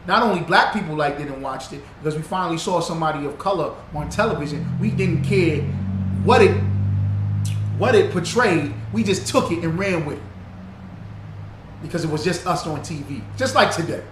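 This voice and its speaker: A man's voice: on the high side, brisk. A man hosting a livestream, greeting viewers by name and teaching in a loose, repetitive, casual way that drives his points home. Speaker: livestream host reading viewer comments. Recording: roomy echo with faint background noise.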